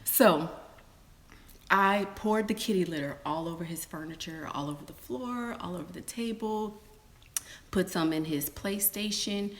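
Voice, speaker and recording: Woman vlogger, lower pitch, chatty storyteller who acts out quotes in squeals and whispers. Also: slight background noise. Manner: chatty, addresses viewers as y'all and girl. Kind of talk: casual storytelling to viewers.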